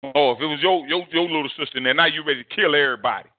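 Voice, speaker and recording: Man preaching, high voice, dry tinny phone-line sound. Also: racing, dry recording. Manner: animated, swings high to mimic a shouting crowd. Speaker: pastor. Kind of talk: storytelling sermon.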